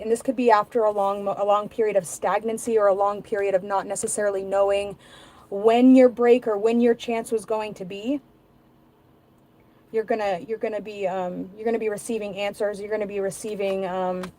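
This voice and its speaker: A woman's voice: mid-range voice, a little mellow, rough recording. A woman giving a casual tarot reading and musing aloud, rambling through her thoughts with many fillers. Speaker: tarot reader.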